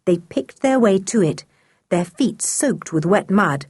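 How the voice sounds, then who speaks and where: A woman narrating a children's audiobook with an expressive reading. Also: medium pitch, measured pace, husky, dry recording. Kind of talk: storybook narration.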